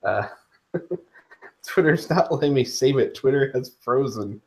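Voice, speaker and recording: Deep, dry-humored woman co-host. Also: lively intonation, measured pace, a little mellow, husky. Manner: dry, teasing, busy with tech. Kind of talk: casual livestream chat.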